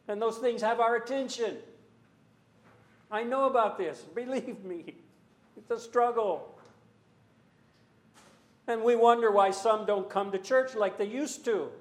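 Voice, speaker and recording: A man preaching a sermon in a church, earnest and full of rhetorical questions, sometimes rising to loud emphasis. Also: high voice, roomy sound.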